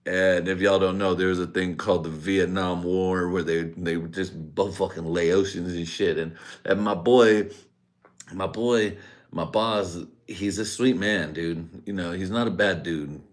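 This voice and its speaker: A man's voice: low-pitched, steady tone, unhurried. A man from Central California hosting a live stream, rambling through a profane casual rant with crude jokes and frequent laughter.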